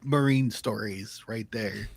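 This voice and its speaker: A man in a casual podcast chat, making deadpan, dark-humored remarks. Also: lowish voice, slow pace, gravelly, background noise.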